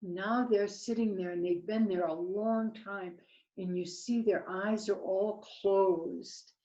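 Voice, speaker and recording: Slow, gentle woman reading to kids. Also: mid-range voice. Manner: gentle, slow and expressive, addressing children. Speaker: children's storyteller. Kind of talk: reading a picture book aloud to children. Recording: slightly muffled lo-fi recording.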